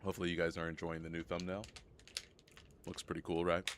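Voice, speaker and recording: A hoarse, sick young man streaming live gameplay, chatting casually and rambling, often repeating himself. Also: low-pitched, little pitch movement, fast talker, background noise. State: hoarse from a cold.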